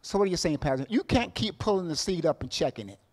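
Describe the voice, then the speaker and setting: Fairly high-voiced preacher swinging loud and soft. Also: male voice, lively intonation, fast talker, long reverb tail. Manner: call-and-response, asks the congregation for amens; swings between loud bursts and soft low asides. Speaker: pastor. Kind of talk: sermon.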